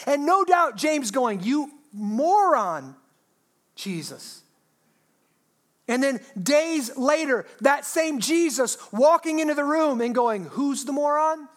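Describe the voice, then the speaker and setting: A woman pastor preaching a sermon in a lively, humorous way, asking her listeners rhetorical questions. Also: high-pitched.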